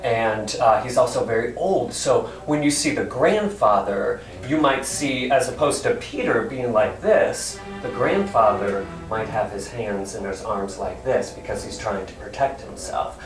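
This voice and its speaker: A man's voice: mid-range voice, unhurried, few pauses. A male actor explaining to children, in a friendly way, how he plays each character. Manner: friendly, explanatory, with some hesitant fillers. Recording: roomy hall from a distance, faint music.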